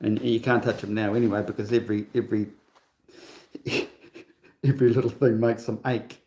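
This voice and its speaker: A man's voice: on the low side, little pitch movement, moderate pace, roomy sound, noisy background. A man in his sixties hosting a livestream in a rambling, casual monologue, scornful and full of chatty asides. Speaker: livestream host.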